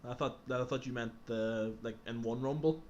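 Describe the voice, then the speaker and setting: An Irish man co-hosting a casual streamed chat, trading dry, low-key banter. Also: normal speed, muffled recording. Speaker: streamer co-host.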